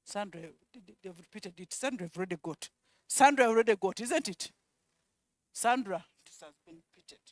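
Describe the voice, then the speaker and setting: A woman presenting at a conference, calling out attendees' names one by one and repeating each, with quiet asides in between. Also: medium pitch, expressive, moderate pace, no room sound. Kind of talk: roll call at a conference.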